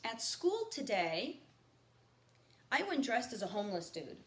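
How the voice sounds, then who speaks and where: A woman teacher reading a novel aloud to her students, stopping for quiet teaching asides. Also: a little high, sing-song, a little slow. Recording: echoey room with faint background noise.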